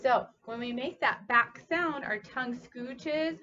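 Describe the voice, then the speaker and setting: A fairly high-voiced woman explains speech sounds in a patient, encouraging way, coaching a young child step by step. The audio is a little muffled, with a faint hiss underneath. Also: slow pace, sharp tone. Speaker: speech therapist. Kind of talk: instructional demonstration.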